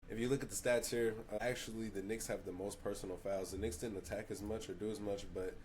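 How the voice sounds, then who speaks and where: A man co-hosting a sports podcast, giving steady, informal analysis with slang. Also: lowish voice, quick pace, a little hiss or hum. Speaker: podcast co-host.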